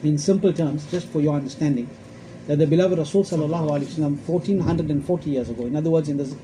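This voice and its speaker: A man's voice: on the high side, racing, background noise. A man giving an emphatic religious lecture, quoting Arabic verses and asking rhetorical questions. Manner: emphatic, repeats points, quotes Arabic verses. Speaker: Islamic scholar giving a talk.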